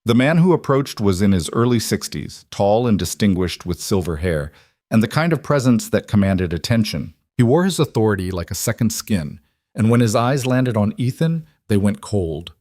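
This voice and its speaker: A man reading a scripted story in an even, measured way. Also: lowish voice, no room sound, clean studio sound. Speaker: narrator.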